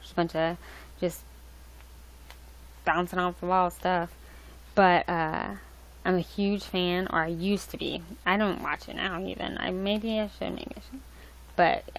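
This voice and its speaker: Young woman livestream host, lowish gravelly voice, rambling casual chat. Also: poor audio. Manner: rambling, loose, with many fillers and restarts. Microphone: laptop mic.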